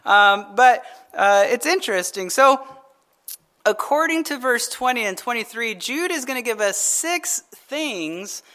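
A man's voice: very high-pitched, animated, a little slow, bright, forceful tone. A male pastor giving a midweek Bible-study sermon in a casual, conversational way, often asking the audience rhetorical questions and chuckling as he tells stories. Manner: chuckles while telling stories.

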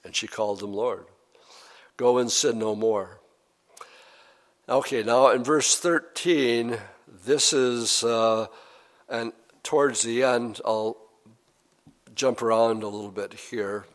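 Male pastor, unhurried verse-by-verse sermon, long church-hall reverb. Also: medium pitch, fairly even intonation. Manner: slow and deliberate, reads scripture aloud.

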